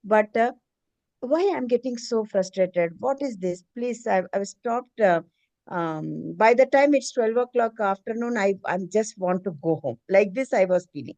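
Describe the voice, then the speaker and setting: A woman's voice: mid-range voice, lively intonation, a little slow, a little mellow, no room sound, muffled recording. A middle-aged woman, earnestly telling a personal story on a video call in a hesitant, emotional way. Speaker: meeting participant, preschool teacher.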